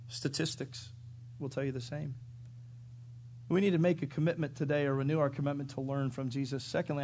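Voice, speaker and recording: A middle-aged man, a pastor, preaching a sermon in an animated way, acting out quotes and breaking into sudden loud shouts. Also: on the high side, a little hiss or hum.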